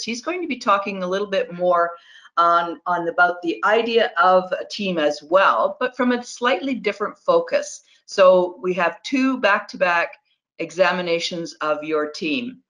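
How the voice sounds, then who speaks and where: A woman hosts an online webinar in a somewhat low voice. She talks in a friendly, chatty way with a few fillers, heard over a video call. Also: fairly bright tone. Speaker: webinar moderator. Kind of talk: introducing a webinar speaker.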